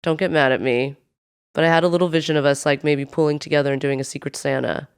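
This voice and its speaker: A woman co-hosting a podcast, chatting casually with a playful, chatty delivery. Her voice sits a little low for a woman and sounds smooth and clear. She stretches words out for emphasis. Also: fairly even intonation, quick pace. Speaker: podcast co-host. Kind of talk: casual chat.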